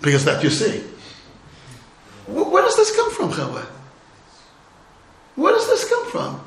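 A man's voice: extremely high pitch, huge pitch swings, a little slow, slight background noise. A middle-aged man teaching a class as a rabbi, telling humorous stories and asking rhetorical questions. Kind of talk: storytelling Torah talk. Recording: echoey room.

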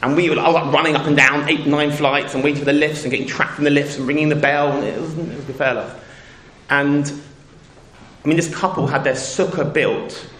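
A man's voice: fairly high pitch, fairly even intonation, fairly quick, fairly bright tone. A middle-aged man from England telling a casual anecdote with a moral, rambling and cutting himself off, acting out the voices he quotes. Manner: rambling, self-interrupting, acts out quoted voices. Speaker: storyteller speaking to a community audience. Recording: roomy echo.

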